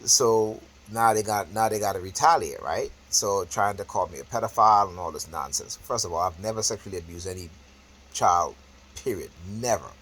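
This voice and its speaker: Male vlogger, lowish husky voice, off-the-cuff talk to camera, emphatic, repeats himself, keeps tagging "right?" and "okay?". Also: moderate pace, a bit bright, rough recording. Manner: repetitive, emphatic, with frequent "right?" and "okay?" checks; restarts and self-corrections, talking off the cuff.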